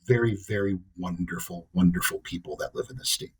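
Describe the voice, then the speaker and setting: Man from the east coast, husky voice, blunt, wry storytelling, casual podcast chat. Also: lowish voice, wildly swooping pitch, brisk. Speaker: podcast co-host.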